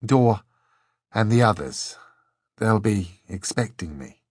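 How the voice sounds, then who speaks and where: A man voicing a hoarse, weary aristocratic man who half-whispers his lines. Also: on the low side, animated, slow pace, darkish tone, dry recording, studio quality, exaggerated voice.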